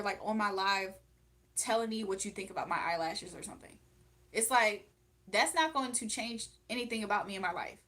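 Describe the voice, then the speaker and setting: A woman's voice: medium pitch, a bit bright. Blunt, outspoken woman streamer. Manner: blunt and outspoken, laughs often. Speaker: livestream host reading chat. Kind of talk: casual live chat.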